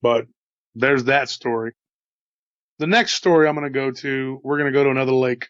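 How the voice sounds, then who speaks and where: A man's voice: mid-range voice, steady tone, moderate pace, a bit bright, dry recording, muffled recording. Folksy man with a slight Texas drawl. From Texas, USA. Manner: chatty, folksy asides to listeners. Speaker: host telling encounter stories. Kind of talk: casual storytelling.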